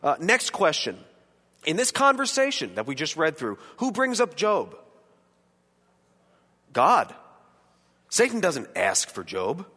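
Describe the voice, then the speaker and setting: A man with a high, lively voice teaches scripture to a group, throwing in jokes and asking the room questions. His tone is bright and sharp. The sound rings with the long reverb of a hall. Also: slow, pauses often, slightly rough. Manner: animated, joking asides, rhetorical questions. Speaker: Bible study teacher. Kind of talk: conversational Bible teaching.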